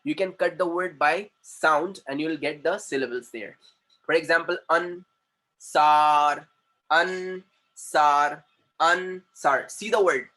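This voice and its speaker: A man's voice: fairly high pitch, sharp tone, husky. A man teaching a grammar lesson in a classroom, repeating words and stretching out syllables, switching into Hindi. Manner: repetitive, drawn-out spelling of syllables, mixes in Hindi. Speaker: communication trainer.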